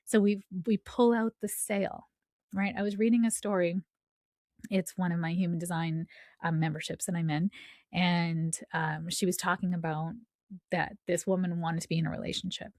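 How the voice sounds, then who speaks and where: A woman's voice: lowish voice, little pitch movement, normal speed, darkish tone, no echo, clean studio sound. A woman hosting a spiritual podcast in a casual, chatty way, often checking in with "right?". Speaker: podcast host and coach.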